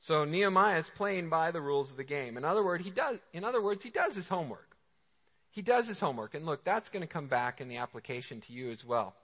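A man preaching a sermon with energetic, emphatic, conversational delivery. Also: on the high side, quick pace, slightly rough. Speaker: pastor. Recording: reverberant hall, slightly dull sound.

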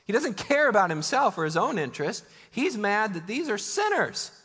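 With long reverb filling the church sanctuary, an American pastor delivers his sermon in a high, sing-song, slightly bright and slightly rough voice at a moderate pace. He keeps it conversational and emphatic, posing rhetorical questions to the congregation.

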